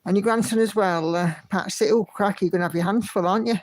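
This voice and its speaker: A woman's voice: medium pitch, quick pace, a little mellow, no echo. A woman hosting a casual livestream, chatting in a friendly way and greeting viewers by name as she reads their comments. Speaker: livestream host.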